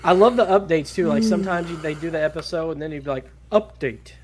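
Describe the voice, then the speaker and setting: A man's voice: a little high, fast, slight background noise. A man co-hosting a podcast, talking enthusiastically and swearing freely in casual chat. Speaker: podcast co-host.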